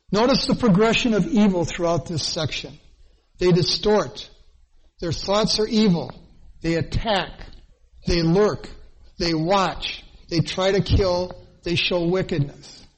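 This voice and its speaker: High-voiced slow-preaching man. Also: low-quality recording. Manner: earnest, dwells on phrases with slow emphatic repetition. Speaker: pastor. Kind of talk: sermon.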